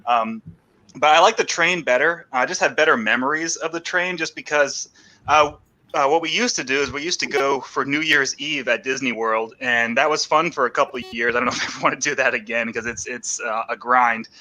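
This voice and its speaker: A man's voice: medium pitch, a little fast, sharp tone, poor audio. A man co-hosting a casual chat, telling rambling stories and laughing as he goes. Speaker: podcast co-host.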